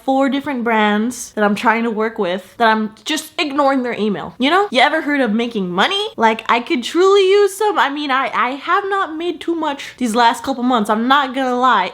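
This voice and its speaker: A young woman telling a story in a casual, self-deprecating vlog, slightly out of breath. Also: fairly high pitch. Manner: chatty, self-deprecating, swings into loud exclamations. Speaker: content creator.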